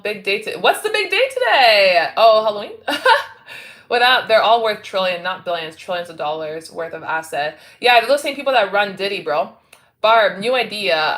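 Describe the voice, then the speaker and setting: A woman from Canada talks casually on a livestream, reacting to viewers' comments one after another. Her voice is bright and sharp at a middle pitch. She keeps the chat loose and laughs readily.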